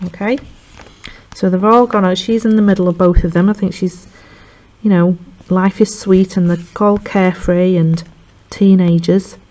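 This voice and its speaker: Lady teacher recapping a play, lowish mellow voice, dull lo-fi sound. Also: steady tone. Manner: chatty, acts out characters' lines in quick voices. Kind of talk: revision lesson retelling a play.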